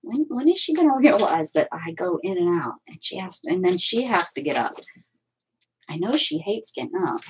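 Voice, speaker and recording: A woman's voice: fairly low pitch, big pitch swings, moderate pace, slight background noise, low-quality recording. A woman hosting a crafting livestream from home, chatting casually and rambling as she works and answers viewer comments. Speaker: crafting channel host. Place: at home with her cats.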